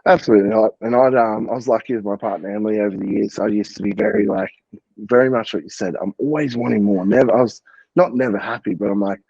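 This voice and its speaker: A man's voice: fairly low pitch, fast talker, a little mellow, no room sound, dull audio. A man, a podcast guest in casual chat, talking in an earnest, reflective way. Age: 30s. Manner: earnest and reflective, quotes himself.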